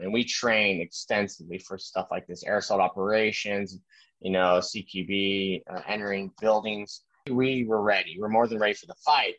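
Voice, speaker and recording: A man, an army veteran, telling war stories in a casual interview, animated and full of fillers and restarts. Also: medium pitch, no echo. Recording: dry, dull lo-fi sound.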